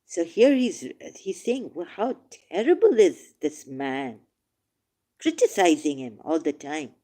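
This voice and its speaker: A woman hosting a casual livestream, reading scripture passages aloud and commenting on them emotionally, swinging from quiet musing to emphatic outbursts. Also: lowish voice, sing-song, a little slow. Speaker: online talk host.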